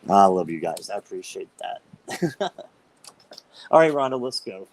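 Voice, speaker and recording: A man hosting a live stream, chatting casually with viewers by name and reading tarot cards, upbeat and quick to laugh. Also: sits low, very animated, a little hiss or hum, low-quality recording. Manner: chatty and upbeat, laughs often while talking; talks directly to viewers by name.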